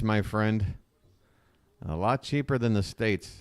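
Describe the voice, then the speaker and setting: Low-voiced guy doing live ball game play-by-play, chatty, smooth clear voice, dry sound. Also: slow, no room sound. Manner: chatty, rambling, excitable on big swings. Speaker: fan play-by-play streamer. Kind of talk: live baseball play-by-play and commentary.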